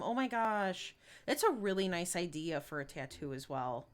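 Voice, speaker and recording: A young woman streams a life-sim game, giving casual gameplay commentary and reading viewer messages aloud, with lots of fillers and giggles in a chatty manner. Her mid-range voice moves a little slowly.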